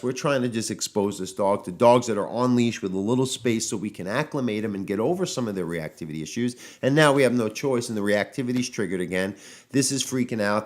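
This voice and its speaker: A man's voice: medium pitch, darkish tone. A man hosting a podcast as a dog trainer, talking casually and getting exasperated, with many fillers and restarts. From United States. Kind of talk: casual solo podcast monologue. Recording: audio-only podcast.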